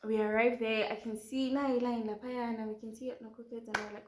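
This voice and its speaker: A young South African woman vlogger, telling a story with animated drama and switching quickly into isiZulu. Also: a little high, noisy background. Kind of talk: storytime vlog. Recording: roomy echo.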